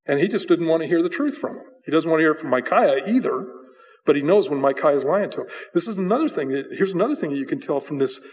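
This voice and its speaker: A male pastor giving an expository sermon in a blunt, conversational, animated manner. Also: on the high side, fast talker. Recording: long hall reverb.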